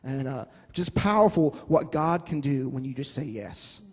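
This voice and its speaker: A man telling a personal testimony to a gathering, animated and joking as he talks. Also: medium pitch, moderate pace, slightly rough. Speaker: guest sharing his testimony. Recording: long hall reverb.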